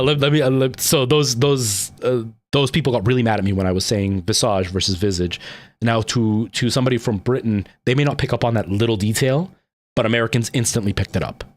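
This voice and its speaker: Speaking at a normal pace and medium pitch, a Canadian-accented man in his thirties chats loosely with his stream audience, often saying um and starting over. The recording is dry.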